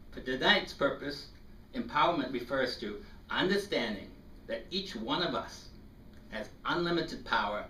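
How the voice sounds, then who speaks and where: A man in his fifties from South Africa, telling a personal story to an audience in an animated way and acting out the voices. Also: mid-range voice. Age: 50s. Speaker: speaker. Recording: echoey room, distant mic, faint noise.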